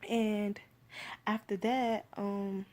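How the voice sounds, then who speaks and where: A woman with a Miami accent talks through a film she just watched. Her review is loose and unscripted, thick with "like" and "you feel me". Her voice sits in a middle register, and she lifts into animated retellings of the scenes. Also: medium pitch, extremely slow. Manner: rambling, heavy use of "like" and "you feel me". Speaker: movie reviewer. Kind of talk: casual spoken film review.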